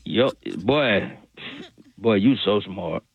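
A man's voice: on the low side, expressive, takes it slowly, vocal fry, slightly rough. A man calling in on the phone, drawling and repeating himself as he talks his way out of coming to work. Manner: drawling, repetitive, excuse-making. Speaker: caller. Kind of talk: comic phone bit. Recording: tinny phone line.

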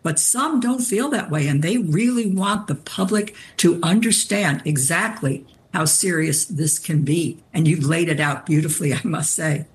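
Articulate older woman as interview guest. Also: deep voice. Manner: articulate, measured, earnest. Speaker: retired federal judge, guest. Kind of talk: TV news interview.

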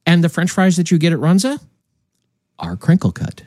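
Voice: mid-range voice, sing-song, normal speed, dark tone, dry recording. A radio co-host in casual studio chat, rambling and repeating words as they go.

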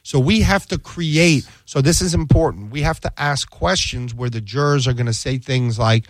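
A defense attorney tells a courtroom story during a casual chat, animatedly acting out the quoted dialogue. His voice is medium in pitch at a normal speed, and the recording is dry.

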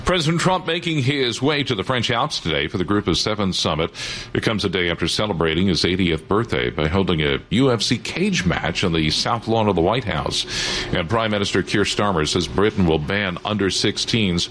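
A man reading world news headlines on radio in a measured, formal manner. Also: deep voice, animated, a bit bright.

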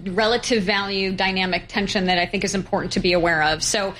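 A woman guest on a financial talk show, explaining credit and bond markets in a measured, fluent way with occasional fillers. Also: mid-range voice, steady tone, fairly bright tone, slight background noise. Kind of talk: financial interview, analytical.

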